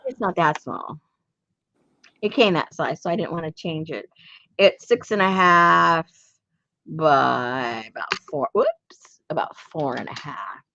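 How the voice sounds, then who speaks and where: A woman's voice: low-pitched, unhurried, vocal fry, pushed and bright, no echo, lo-fi sound. A woman hosting a craft channel, chatting casually and playfully while showing a handmade journal. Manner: playful and chatty, laughs often.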